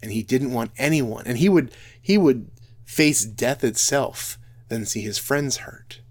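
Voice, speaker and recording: A man's voice: mid-range voice, a little slow. A man speaking earnestly and reflectively in a talk, often restarting his sentences. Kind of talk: earnest talk on role-play and Bible reading.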